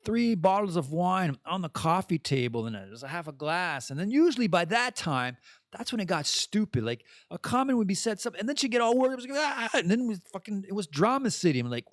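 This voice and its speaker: A man's voice: sits high, big pitch swings, brisk, dry recording, studio quality. A French-speaking man hosting a podcast, talking candidly and bluntly in a personal monologue and swearing freely. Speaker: podcast host.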